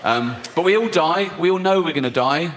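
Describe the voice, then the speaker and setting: A man's voice: a little high, expressive, brisk, fairly bright tone, slight background noise. A male stand-up comedian with an English accent, mocking and sweary, acting out bits of voices in a live show. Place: large theatre with audience.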